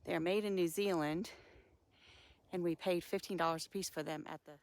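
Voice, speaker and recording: A woman's voice: on the low side, steady tone, brisk, a little mellow. A woman vlogging outdoors, chatty and out of breath while hauling heavy chairs uphill. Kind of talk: casual vlog narration. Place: outdoors on a mountain lot.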